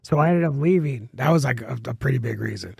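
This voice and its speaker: A man's voice: medium pitch, expressive, fast talker, creaky, husky, no echo. A man telling a long rambling story on a podcast, full of restarts and casual swearing. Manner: rambling, many restarts and fillers, swears freely. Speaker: guest comedian.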